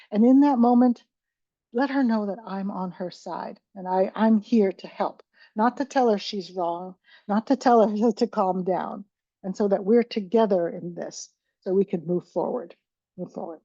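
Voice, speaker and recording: A woman leads a webinar for caregivers, speaking in a relaxed, conversational way and acting out short examples as she goes. Her voice is warm and mellow. The recording is dry and slightly dull. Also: medium pitch, moderate pace, no room sound. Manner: conversational, with frequent restarts and acted-out examples. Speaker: dementia care presenter.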